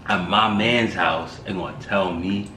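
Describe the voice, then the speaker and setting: A man's voice: low-pitched, unhurried, sharp tone, distant mic. A young man, casually and playfully teasing as he cuts into his wife's story. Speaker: co-host, husband. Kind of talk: casual chat. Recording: echoey room, off-mic, background hum.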